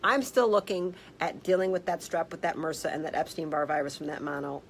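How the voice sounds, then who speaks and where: Blunt, animated woman telling a story. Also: sits low, brisk, a little hiss or hum, low-quality recording. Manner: blunt, animated, swears casually. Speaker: health practitioner. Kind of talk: casual storytelling vlog. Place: office.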